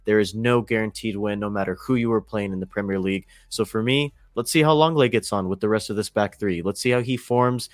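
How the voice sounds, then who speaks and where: A man co-hosting a sports podcast, calmly talking things through point by point in casual chat. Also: lowish voice, fairly quick, few pauses, dry recording, clean studio sound. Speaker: podcast co-host.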